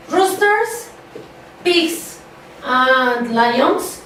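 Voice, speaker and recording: A woman teacher giving a class slow, repeated, emphatic instructions. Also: very high-pitched, very animated, a bit bright, slight background noise. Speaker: English teacher. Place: busy classroom. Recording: echoey classroom from far off, students chattering. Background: student chatter.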